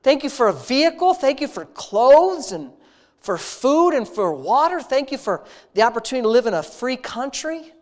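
This prayer leader's voice is very high and sing-song, moving at a moderate pace. He guides the congregation in spontaneous, heartfelt prayer, speaking intimately and conversationally and repeating praise phrases.

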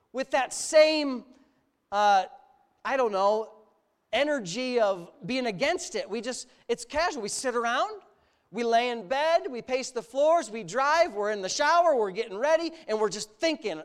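A male pastor preaching a sermon, animated, building his points through long repeated lists. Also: very high voice, a little slow, smooth.

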